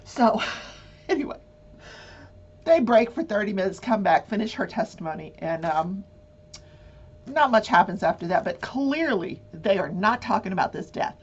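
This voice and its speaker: A woman hosts a casual true-crime talk, animated and quick to act out the people she describes. Her voice is husky and moves lively up and down. The recording sounds dull and lo-fi. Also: medium pitch. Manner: animated, acts out voices and swears. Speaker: talk show host.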